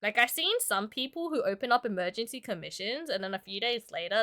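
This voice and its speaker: A woman's voice: mid-range voice, expressive, moderate pace, few pauses, a bit bright, clean tone. A woman streamer chatting casually with her audience while drawing, giggly and full of filler words, sick and coughing now and then. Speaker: streamer and illustrator.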